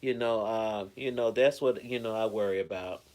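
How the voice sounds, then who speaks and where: A man's voice: on the low side, steady tone, moderate pace, a little mellow. A man chatting casually at home on a live stream, rambling in a caring way and greeting viewers by name. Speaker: live streamer reading chat.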